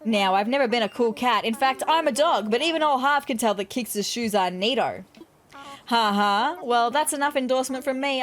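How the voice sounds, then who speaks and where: A woman's voice: on the high side, natural voice. A woman voicing a laid-back old dog.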